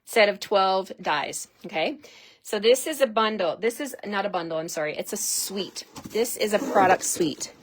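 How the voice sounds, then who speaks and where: A woman hosting a live craft demonstration, chatty and excitable, gushing over each product as she unpacks it. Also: mid-range voice, normal speed, noisy background.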